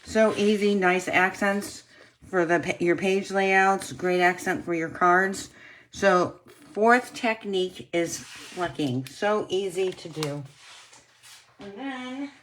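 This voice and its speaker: Slow-talking woman demonstrating crafts. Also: mid-range voice, a bit bright, slight background noise. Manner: chatty, addresses viewers as guys, frequent throat clearing. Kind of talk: casual tutorial demonstration.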